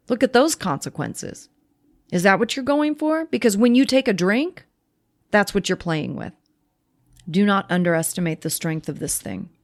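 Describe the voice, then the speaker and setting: A woman coaching listeners on staying sober with blunt, tough-love directness. She hammers her points home through repetition and isn't shy about swearing. Her pitch sits in an ordinary middle range for a woman. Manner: swears freely. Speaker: podcast host, sobriety coach. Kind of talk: direct motivational talk.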